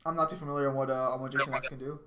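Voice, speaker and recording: A man streaming live, chatting casually and excitedly, swearing often and breaking into laughter. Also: medium pitch, rapid-fire, background noise.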